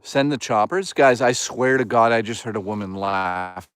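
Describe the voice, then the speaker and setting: A man live-streams from a woodland hike, rambling, cracking jokes, swearing, and reading the chat aloud in casual chatter. His voice sits fairly low and is clear and resonant with a slightly bright edge, at a moderate pace. There's no room sound.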